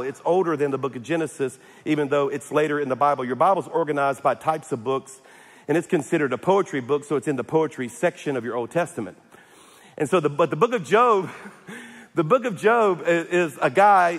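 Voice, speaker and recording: Humorous preacher in an echoey hall. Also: male voice, a little high. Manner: humorous, repeats and restarts, calls for amens. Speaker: pastor. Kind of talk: sermon.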